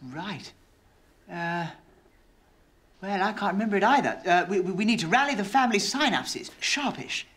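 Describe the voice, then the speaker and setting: Lässiger junger Adelssohn. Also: male voice, sits high, expressive, normal speed, long pauses, fairly bright tone. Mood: breezy. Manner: breezy upper-class slang, chatty. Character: breezy young aristocratic son, slangy. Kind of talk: period TV comedy acting.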